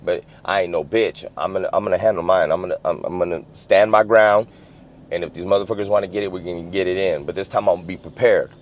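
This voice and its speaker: A man's voice: deep voice, steady tone, fast, a little hiss or hum. A man from the US West Coast telling a story in casual, streetwise slang, swearing freely and filling with "you know what I'm saying". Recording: dull lo-fi sound.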